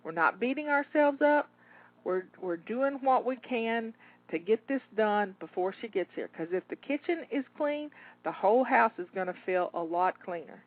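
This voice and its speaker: A woman's voice: a little high, animated, moderate pace. Encouraging woman on a tinny line. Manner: encouraging, rallying, repeats herself. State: a bit out of breath. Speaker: home organizing coach. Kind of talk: live cleaning coaching talk. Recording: tinny phone-like dry audio.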